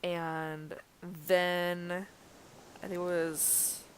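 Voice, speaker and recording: Chatty young woman, lowish voice. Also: level tone, drawn-out words, slight background noise. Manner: chatty, many fillers and laughs. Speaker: vlogger. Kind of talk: casual storytelling vlog.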